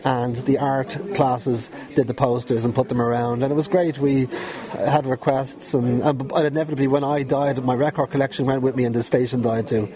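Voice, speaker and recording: A man's voice: medium pitch, little pitch movement, normal speed, crowd noise. A middle-aged man with a Dublin Irish accent, chatty and rambling as an interview guest, laughing often while telling stories. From Dublin, Ireland. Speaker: guest, former pirate radio DJ. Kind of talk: relaxed storytelling interview.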